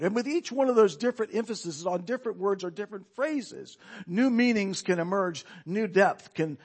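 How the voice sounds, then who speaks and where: Preaching in an emphatic, conversational manner, this man keeps throwing rhetorical questions at his congregation. For a man his voice sits high, carrying a slightly husky, breathy edge.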